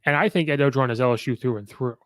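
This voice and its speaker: A man's voice: mid-range voice, rapid-fire, a bit bright, no room sound, studio quality. A man hosting a podcast, giving casual, opinionated sports commentary and rattling off records with many fillers. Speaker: podcast host.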